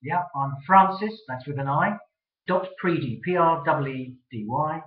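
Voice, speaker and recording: A man with a slightly higher voice gives brisk, direct trademark advice as an interview guest. The room is echoey and the sound is dull. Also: slight background noise.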